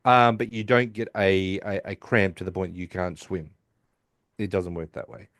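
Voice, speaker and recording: A man's voice: steady tone, normal speed, a bit bright, no room sound, studio quality. Man retelling scenes, mimicking voices. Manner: acts out quoted lines in higher voices. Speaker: podcast co-host. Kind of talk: casual chat recapping an episode.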